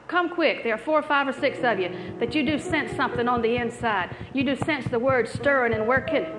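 A middle-aged woman preaching a healing sermon, telling a story in a repetitive, anecdotal way before moving into prayer. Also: sits high. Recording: hall reverb with faint music.

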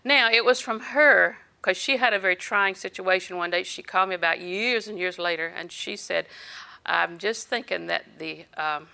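A woman's voice: on the low side, normal speed, gravelly, bright, forceful tone. An older woman minister preaching a sermon, telling personal stories with quoted dialogue and occasional laughter.

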